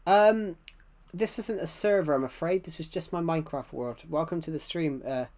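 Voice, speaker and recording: Chatty British male streamer, slightly high. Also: normal speed, darkish tone. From United Kingdom. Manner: rambling, answers chat, frequent restarts. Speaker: game streamer. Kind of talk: casual live-stream chat.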